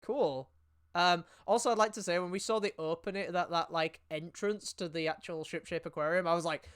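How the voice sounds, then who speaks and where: A woman streamer chatting casually and voicing the lead lawyer, giggly and excitable. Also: fairly low pitch, moderate pace. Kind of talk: casual live-stream chat and voice acting.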